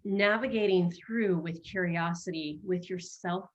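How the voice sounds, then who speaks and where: A woman's voice: fairly low pitch, a little slow, dull audio. A middle-aged woman hosting a webinar, coaching in a casual, playful way and slipping into quoted self-talk, speaking over a video call.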